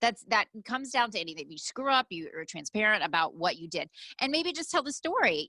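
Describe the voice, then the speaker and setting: A woman's voice: mid-range voice, big pitch swings, brisk, few pauses, bright, forceful tone, no room sound. A woman co-hosting a podcast, giving blunt opinions in casual bickering chat with frequent ums. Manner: blunt, opinionated, hesitant fillers. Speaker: podcast co-host.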